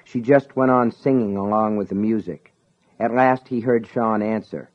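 A man narrating an audiobook in a measured, dramatic way. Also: lowish voice. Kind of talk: scripted narration. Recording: dull lo-fi recording.

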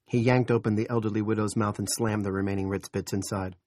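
A man narrating an audiobook in a gritty, husky voice, slipping into gruff character dialogue. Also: on the low side, steady tone, fast talker, few pauses, darkish tone, no room sound, studio quality.

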